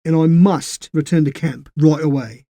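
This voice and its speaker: A man's voice: a little high, moderate pace, warm tone, no echo, lightly acted. Man playing a wry British lance corporal. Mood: plain. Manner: wry, teasing.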